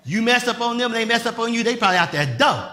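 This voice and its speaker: A male pastor preaching a sermon, swinging from loud shouted lines to soft asides with bursts of laughter. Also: extremely high pitch, lively intonation, quick pace.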